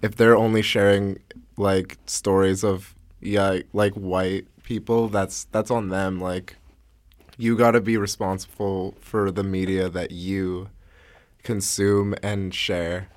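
A man co-hosting a radio show, speaking in an earnest, slightly halting way. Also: low voice, flat delivery. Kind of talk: casual radio talk.

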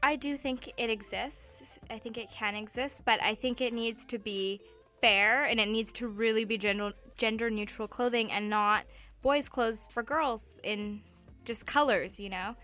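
Bright, teasing young woman radio co-host. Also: fairly high pitch, faint music behind. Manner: teasing, quick to laugh. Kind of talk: casual radio chat. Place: radio studio.

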